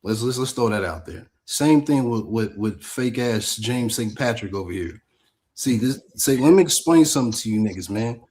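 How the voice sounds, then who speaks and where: A man's voice: mid-range voice, lively intonation, normal speed, darkish tone. A man speaking in a heated live audio-room argument, defiant and streetwise, talking back at the hosts. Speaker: guest speaker.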